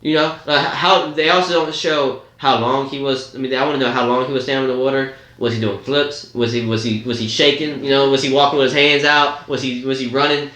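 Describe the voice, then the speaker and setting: A man's voice: medium pitch, steady tone, brisk, hardly any pauses, bright, forceful tone, roomy sound. A man co-hosting a podcast in casual chat, rambling and laughing as he swears freely. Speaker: podcast co-host.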